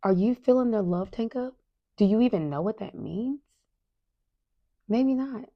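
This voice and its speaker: A middle-aged woman hosting a parenting podcast in a casual, earnest monologue. She often asks "right?", calls her listeners "you guys", and sometimes drops to a soft whisper for emphasis. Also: fairly high pitch, expressive, measured pace, dull audio.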